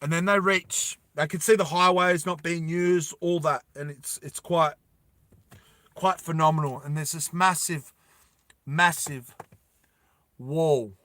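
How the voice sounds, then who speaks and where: A man's voice: fairly high pitch, steady tone, fairly bright tone, dry recording. A man telling a story casually to his viewers, with many fillers. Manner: slow, with fillers, addresses viewers.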